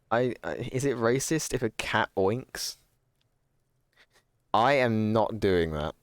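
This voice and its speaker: A man's voice: low voice, clear, resonant tone, no room sound. A young man chatting casually on a live stream, rambling, self-correcting and swearing now and then. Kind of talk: casual chat reading stream chat.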